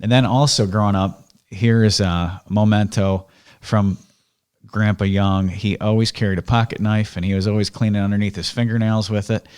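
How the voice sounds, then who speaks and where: A man's voice: lowish voice, steady tone, normal speed, a little mellow, clear, resonant tone. A middle-aged man hosting a casual podcast, chatting with his father and telling family stories in a reflective way. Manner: storytelling, reflective. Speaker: podcast host.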